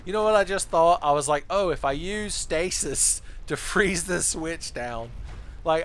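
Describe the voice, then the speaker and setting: A man's voice: on the high side, fairly bright tone. A man streaming a game live, rambling, joking and swearing casually.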